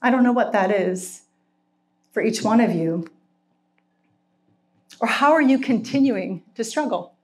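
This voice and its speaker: A middle-aged woman giving a heartfelt sermon with personal testimony, earnest and emotional, slowing down for emphasis and at times tearful. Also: medium pitch, a little mellow. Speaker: speaker at a Christian retreat.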